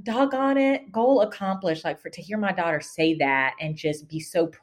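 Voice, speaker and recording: A middle-aged woman, a first-time children's book author, chatting in an interview, animated, laughing often and repeating words as she starts. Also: lowish voice, normal speed. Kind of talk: casual interview talk.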